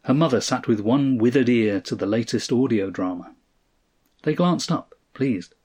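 A man narrating a story in a measured, dramatic reading style. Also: mid-range voice, expressive, a little mellow, husky.

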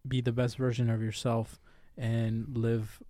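A man's voice: mid-range voice, level tone, unhurried, mellow, no echo, studio quality. A man co-hosting a podcast in casual chat, loose and profane, given to joking. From Mexico. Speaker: podcast co-host.

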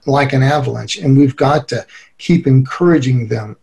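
A middle-aged man giving an earnest, animated interview as a relationship expert, often breaking into laughter. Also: mid-range voice, moderate pace, gravelly. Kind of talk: conversational interview.

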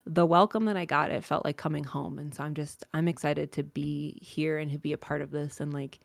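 A woman's voice: sits low, steady tone, brisk, gravelly, no room sound, clean studio sound. A woman, a roller derby skater, chatting as a podcast guest, with many filler words. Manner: chatty, frequent likes and ums. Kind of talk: casual podcast interview.

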